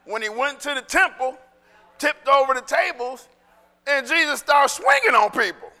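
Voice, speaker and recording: High, bright-voiced preaching man. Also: moderate pace, in a large hall. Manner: animated, conversational preaching that swings into shouting. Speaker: pastor. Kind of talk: sermon.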